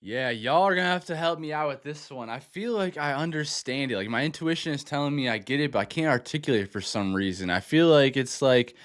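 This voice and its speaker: A man's voice: mid-range voice, animated, fairly quick, hardly any pauses. A man hosting a music reaction video, thinking aloud in a casual, hesitant way and often restarting his sentences. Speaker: music reaction channel host. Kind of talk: casual first-listen album reaction.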